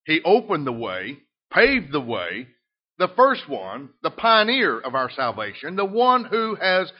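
A middle-aged man with a Southern US accent preaching a sermon in a folksy way, switching between emphatic and soft delivery. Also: on the high side. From Southern United States. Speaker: pastor. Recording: dull lo-fi sound.

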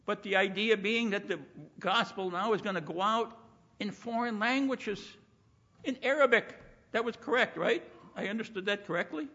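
A man with a high-pitched, sharp voice speaking at normal speed preaches an emphatic sermon, repeatedly saying "you see" and acting out the people he quotes. He is recorded in a muffled hall with long reverb.

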